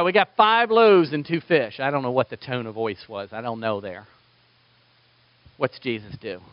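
Male pastor, animated sermon, lively pitch, dull lo-fi recording. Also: no echo. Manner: animated preaching, acts out quoted voices.

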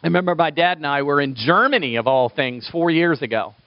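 Male pastor, high voice, animated preaching, dry slightly dull recording. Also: brisk, dry recording. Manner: animated, acts out quoted voices. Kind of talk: sermon.

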